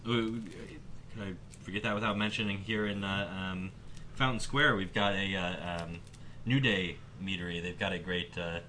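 Man, thirties, lowish and bright, halting filler-heavy chat, faint hiss. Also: steady tone. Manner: halting, many fillers and restarts. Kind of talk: casual chat.

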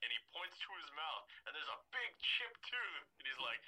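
A man guesting on a podcast as a physicist, eager and quick to laugh, tripping over his words when he gets excited. His voice is very bright with a husky edge. It rises fairly high and moves around a lot. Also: rough recording. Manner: enthusiastic storyteller, laughs often, stammers on restarts. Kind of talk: casual podcast interview.

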